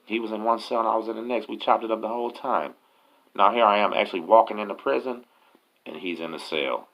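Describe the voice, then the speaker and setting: A host from Galveston, Texas tells prison stories in a casual, profane way, packed with streetwise slang. His voice is fairly low and quick, captured in dull lo-fi audio.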